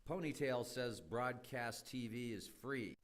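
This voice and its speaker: A man's voice: medium pitch, animated, unhurried, lightly acted. A man voicing a sarcastic, scheming board chairman in a satirical cartoon, with a dry, mocking manner.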